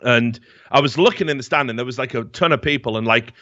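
A man's voice: mid-range voice, fast talker, sharp tone, no room sound. A man hosting a podcast, telling rambling stories in casual chat, full of fillers and swearing. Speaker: podcast host. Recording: slightly dull, dry mic sound.

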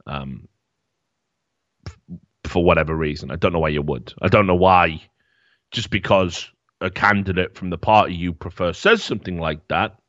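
A man's voice: low-pitched, a bit bright, no echo, muffled recording. A man hosting a podcast in casual chat, sarcastic, swearing and laughing as he talks. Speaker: podcast host.

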